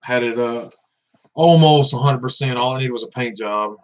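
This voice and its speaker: A man with a Southern drawl chats easily to his viewers, laid-back, laughing now and then and circling back over his words. His voice sits at an ordinary middle pitch. The recording is a bit dull and lo-fi. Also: moderate pace. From Tennessee, US. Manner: laid-back, laughs often, repeats himself. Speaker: vlogger. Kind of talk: casual livestream chat. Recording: dull lo-fi sound.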